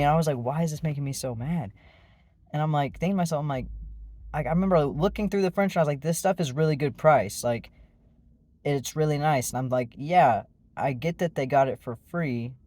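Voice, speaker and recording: A man's voice: on the high side, fairly quick, a little mellow, dry recording. A man telling a personal story in a casual, rambling way, with many fillers and restarts. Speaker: vlogger.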